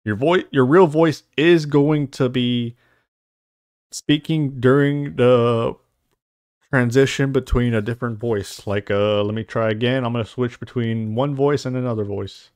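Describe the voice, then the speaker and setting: A man's voice: medium pitch, unhurried, a little mellow, clean tone, no echo, studio quality. Rambling casual man walking through a tutorial. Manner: rambling, casual, curses lightly. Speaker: host. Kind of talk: software tutorial. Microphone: studio mic with noise suppression.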